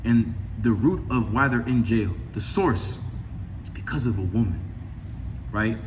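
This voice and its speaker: A man's voice: on the low side, a little slow, slight background noise. A man casually talking about scripture and his own life, rambling with many restarts and sometimes acting out conversations. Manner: rambling, restarts often, retells chats in raised voice. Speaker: religious video host. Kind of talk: casual religious commentary with scripture reading.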